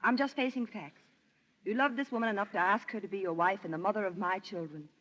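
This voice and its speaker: An actress playing Ellen, a playful, teasing wife, in a 1940s radio drama. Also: female voice, medium pitch, fairly bright tone, dull audio, lightly acted. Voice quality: playful, teasing, quick laughter. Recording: old radio broadcast with long reverb.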